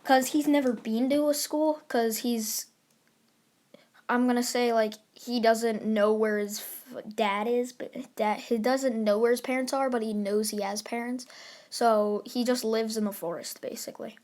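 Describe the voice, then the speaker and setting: A woman with a somewhat high voice tells a story casually, as if thinking it up on the spot. She rambles, leans on "like" and "basically", and switches between rushed bursts and slow, drawn-out pauses. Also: fairly even intonation, a little mellow. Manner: quick bursts of words mixed with slow pauses. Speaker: anime fan storyteller.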